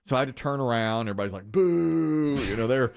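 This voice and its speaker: A middle-aged male radio host in casual banter, with a mid-pitched voice that swings widely as he tells stories. He acts out the quoted lines with big leaps in his voice. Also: animated, quick pace, creaky, slight background noise.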